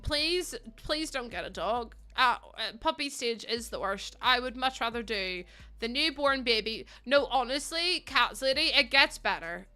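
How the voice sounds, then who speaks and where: A woman's voice: fairly high pitch, bright, forceful tone, clear, resonant tone. A young woman from the UK or Ireland chatting casually with livestream viewers in a rambling, exasperated way, with frequent ums.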